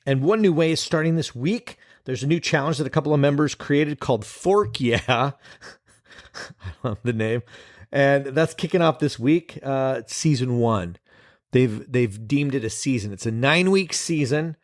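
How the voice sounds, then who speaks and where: A man's voice: mid-range voice, measured pace, no room sound, studio quality. A man hosting a casual solo podcast, talking in a playful, jokey, self-deprecating way. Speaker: podcast host.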